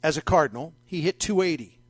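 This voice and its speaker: A man hosting a sports talk radio show, talking in a wry, conversational, animated way into a studio mic. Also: on the high side, a little fast, husky, no room sound. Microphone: studio microphone.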